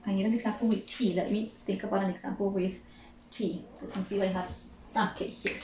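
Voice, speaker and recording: A woman teaching English pronunciation, repeating words and sounds slowly for drilling. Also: mid-range voice, steady tone, darkish tone, slight background noise. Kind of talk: pronunciation lesson. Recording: echoey room, faint ambience.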